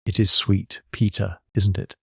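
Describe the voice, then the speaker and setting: A prim, motherly young girl from a storybook, read by a man. She speaks with earnest, gently insistent care. The voice stays low and close, with a dry sound. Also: level tone, a little slow, creaky, breathy edge, dry recording, full character voice. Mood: tender.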